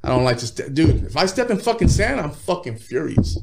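A man's voice: a little high, big pitch swings, fairly quick, gravelly, a little hiss or hum. A man, a rapper guest in his thirties, telling profane, laid-back stories with frequent laughs in a casual interview.

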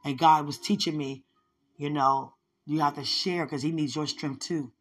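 A woman's voice: low-pitched, fairly even intonation, moderate pace, faint music behind. A woman hosting a podcast, telling her personal testimony in an earnest, conversational way and speaking straight to her listeners. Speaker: podcast host sharing a testimony.

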